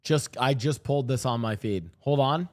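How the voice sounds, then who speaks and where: A man's voice: medium pitch, moderate pace. A young man streaming, reacting to news clips, swearing and talking to his chat. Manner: swearing, animated, talks to chat. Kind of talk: live-stream reaction commentary. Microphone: desk streaming mic.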